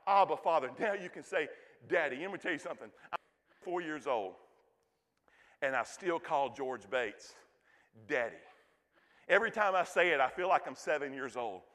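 A man in his forties preaching a sermon with passion, rising loud and dropping to a hush, often repeating his words. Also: fairly high pitch, in a large hall. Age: 40s. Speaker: pastor.

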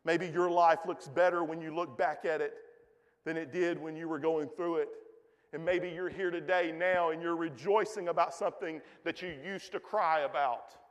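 A man's voice: on the high side, steady tone, moderate pace, in a large hall. A man, a pastor preaching a folksy, emphatic sermon in a church.

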